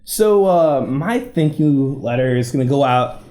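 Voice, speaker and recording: An enthusiastic young man joins a podcast as a guest and chats eagerly. His voice sits at a middle pitch and moves about in a lively way. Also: unhurried, faint music behind. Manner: enthusiastic, chatty. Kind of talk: casual podcast banter.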